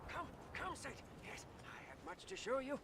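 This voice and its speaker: An actor playing a bizarre, deranged, zealous wasteland mechanic in a video game, preachy and wheedling. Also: male voice, very high voice, very animated, moderate pace, creaky, full character voice. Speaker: game character. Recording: game audio over loud engine noise.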